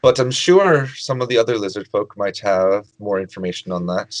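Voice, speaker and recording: A gracious lizardfolk queen, formal and hesitant, as a man puts her on in a tabletop game. The voice sits fairly low. It is recorded close and dry. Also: dry recording, lightly acted, poor audio. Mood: courteous. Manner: formal, halting, polite. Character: courteous female lizardfolk queen, gentle and hesitant. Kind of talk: tabletop role-play.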